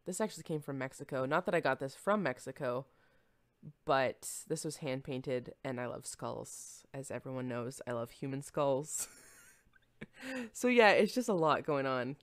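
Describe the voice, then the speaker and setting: A woman's voice: very deep voice, animated, moderate pace, no room sound. A young woman streamer chatting casually and rambling with her viewers, easily distracted and giggling often. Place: home room.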